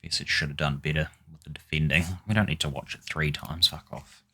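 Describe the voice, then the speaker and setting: A man's voice: extremely low pitch, level tone, a little fast, sharp tone, slightly rough. A man giving casual gameplay commentary, exasperated and swearing as he mutters at the game. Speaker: gaming YouTuber.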